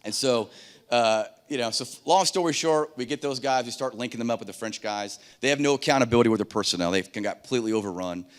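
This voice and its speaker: Fast-talking man telling war stories. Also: mid-range voice. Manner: animated, acts out dialogue in voices. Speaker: keynote speaker. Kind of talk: keynote storytelling. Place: conference stage.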